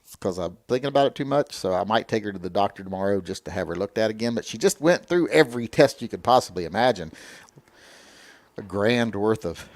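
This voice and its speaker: A man's voice: lowish voice, animated, a little fast, no echo, clean studio sound. A man hosting a casual livestream chat, answering viewer comments in a blunt, opinionated, lecturing way. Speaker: livestream host.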